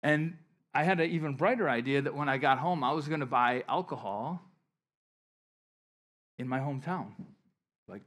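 A man preaching a sermon, telling a personal story in a casual, conversational way, dropping to soft asides and rising to emphatic bursts. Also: medium pitch, normal speed, long pauses. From western New York. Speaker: pastor.

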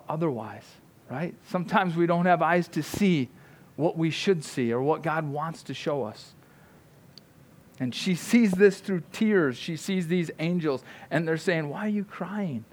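A man's voice: on the high side, measured pace. A man preaching a sermon in a conversational way, often checking in with his listeners with "right?". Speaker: pastor.

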